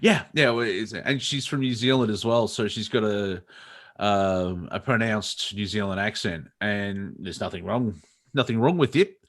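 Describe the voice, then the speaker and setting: A man's voice: lowish voice, measured pace, a bit bright. A middle-aged Australian man co-hosting a casual comedy chat, rambling with many fillers and restarts. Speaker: comedy show co-host.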